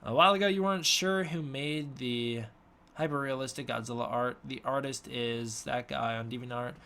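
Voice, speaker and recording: A man hosting a casual live-stream Q&A, giving offhand, halting answers to chat questions. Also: medium pitch, pushed and bright. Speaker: host.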